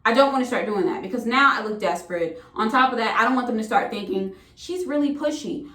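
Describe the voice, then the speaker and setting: A woman's voice: on the high side, fast talker, bright, forceful tone. A young woman venting casually to camera, exasperated and profane. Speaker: vlogger. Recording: roomy echo.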